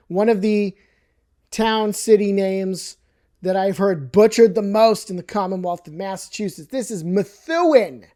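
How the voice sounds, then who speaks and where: A person from New York casually explaining place-name pronunciations, wry and emphatic, repeating words slowly for emphasis. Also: mid-range voice, dark tone.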